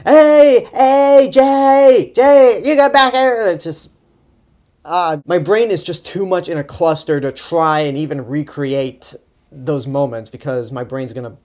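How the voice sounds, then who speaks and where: A man's voice: mid-range voice, darkish tone. A young man giving a casual, sarcastic movie review, sounding exasperated and rambling with frequent restarts. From Texas. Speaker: film reviewer.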